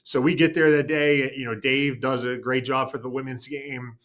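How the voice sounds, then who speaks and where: Bright-sounding guy rambling thru a story, lots of uhs and restarts. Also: mid-range voice, fairly even intonation, normal speed. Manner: rambling, self-correcting storytelling. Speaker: TV news anchor. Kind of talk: casual chat.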